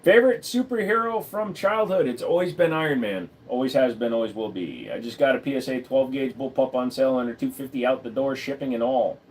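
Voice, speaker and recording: A man's voice: medium pitch, brisk, hardly any pauses. Male livestream host, loose and foul-mouthed, reads chat and riffs off it. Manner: blunt, profane, rambling, reads chat aloud.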